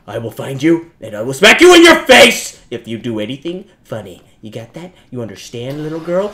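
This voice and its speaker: Young man, let's-play commentary, bright tone, lively swings in pitch, jokey, self-mocking, yelps at scares. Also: normal speed. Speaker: gaming YouTuber.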